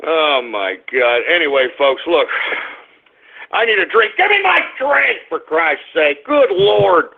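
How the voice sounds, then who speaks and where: Gravelly ranting radio host, tinny. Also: male voice, a little high, sing-song, measured pace. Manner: angry, cursing, swings between grumbling and shouting. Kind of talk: ranting internet radio talk. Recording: tinny phone-like radio stream.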